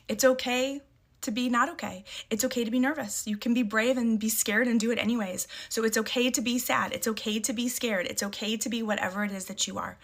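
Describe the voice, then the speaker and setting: A middle-aged mother shares parenting advice, talking to camera in an easygoing way. Her voice is fairly high, and she speaks with emphasis, leaning on short repeated catchphrases and performing the firm responses she uses with her kids.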